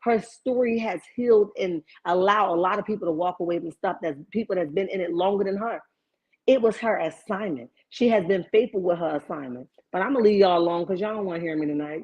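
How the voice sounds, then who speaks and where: A woman hosts a casual live stream, reading chat comments and riffing on them with animated, preachy, sassy outbursts. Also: mid-range voice, brisk. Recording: dull lo-fi stream audio.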